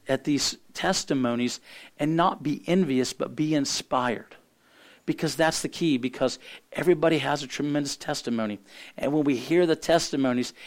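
A man preaching and telling a personal testimony, halting and repeating words as he speaks. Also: mid-range voice. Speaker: minister. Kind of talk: sermon testimony.

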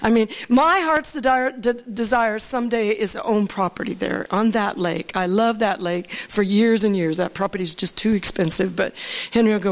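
A woman from Alaska, her voice a little high and her pace moderate, preaches a sermon built around stories. She is animated, laughs often, and asks her listeners for an amen.

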